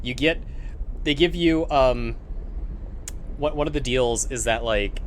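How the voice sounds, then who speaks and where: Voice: mid-range voice, slow pace, slight background noise. A streamer chatting casually while playing a video game, telling a profane, ranting story. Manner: talks to a pet mid-story. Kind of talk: casual gaming stream chat.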